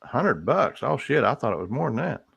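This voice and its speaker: Host, man, gravelly and very animated pitch, loose chat. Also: moderate pace. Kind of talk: casual live-stream chat.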